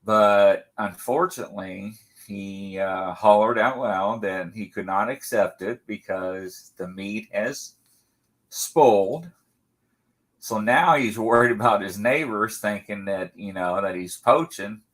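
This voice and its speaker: A man hosting an interview, retelling a story in an unhurried, casual way. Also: on the low side, rough recording. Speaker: host.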